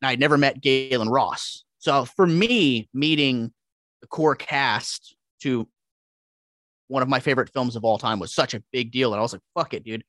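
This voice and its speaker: A man telling animated, profanity-laced stories as a podcast guest in casual chat. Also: medium pitch, moderate pace, dry recording, studio quality. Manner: profane, animated, acts out quotes.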